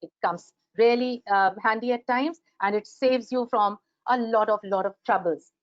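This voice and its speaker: The audio is dull and dry, taken from a computer microphone on a video call, as a woman with an Indian English accent lectures on grammar in a webinar. Her pitch is fairly high and her pace moderate. She stays animated, acting out her example sentences.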